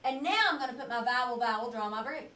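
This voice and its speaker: Talking fast in a highish, pushed, bright voice, a woman teacher runs a classroom phonics lesson. She patiently asks questions and elongates words while modeling them; the distant recording echoes and carries a faint hiss.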